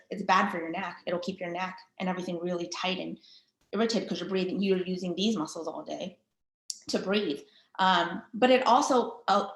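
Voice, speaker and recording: A woman's voice: medium pitch, fairly bright tone. A woman physical therapist giving a casual talk on breathing, chatty and full of filler words as she guides listeners through an exercise. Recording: roomy echo.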